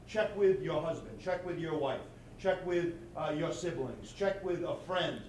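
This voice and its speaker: A man with a slightly high voice hands out direct, practical safety tips and briefly acts out a scam call to make his point. He sounds set back from the mic in an echoing room, with faint noise behind him. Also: normal speed, a little mellow, distant mic. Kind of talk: informal safety advice talk.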